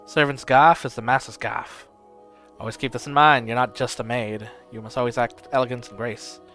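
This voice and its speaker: A man's voice: mid-range voice, fairly even intonation, fairly quick, bright, forceful tone, soft background music. A man voicing a blustery, barking retired old nobleman who swears often. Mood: stern. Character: gruff loud old male noble, retired.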